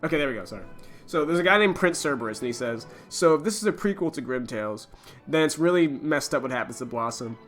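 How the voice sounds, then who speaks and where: Lively bright-voiced man mocking forum comments. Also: fairly high pitch, quick pace, faint music behind. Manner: laughs a lot, mocking and animated. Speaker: stream host. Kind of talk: casual chat, reading forum comments aloud.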